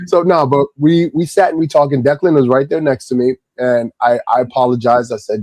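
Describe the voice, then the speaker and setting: A man from Irvington, New Jersey, telling a casual story as a guest, calm and subtle, then rising in energy. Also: mid-range voice, a little fast, few pauses, no echo, low-quality recording. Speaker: guest, kids' Lego class instructor.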